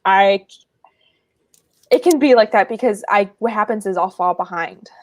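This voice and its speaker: An agreeable woman guest on a casual livestream, talking through her thoughts and readily backing up the host. Her voice sits at an everyday pitch and is recorded close and dry, with no room echo. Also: normal speed.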